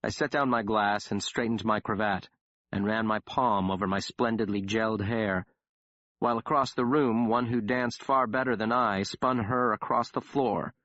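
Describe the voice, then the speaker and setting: Low-voiced man narrating an audiobook. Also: steady tone, moderate pace, fairly bright tone, no echo. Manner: wry, dramatic storytelling. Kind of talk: first-person audiobook narration. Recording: dull dry audiobook recording.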